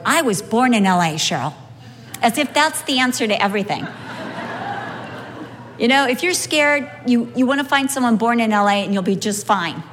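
Woman preacher with a higher voice, humorous storytelling testimony, reverberant hall. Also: slight background noise. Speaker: speaker sharing a testimony. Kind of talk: sermon with personal storytelling.

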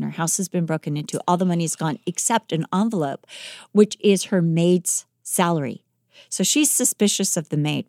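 A woman podcast host telling a life story in a lively, dramatic way, acting out the quoted lines. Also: medium pitch, no echo, studio quality. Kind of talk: animated storytelling.

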